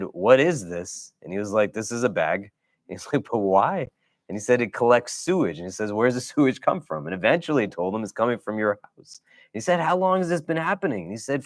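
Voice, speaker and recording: A middle-aged imam from the United States speaks in a low, dry, close-miked voice, lecturing loosely and casually. He keeps turning to his listeners with "do you know?" and "right?" as he talks. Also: no echo. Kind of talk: weekly religious lecture.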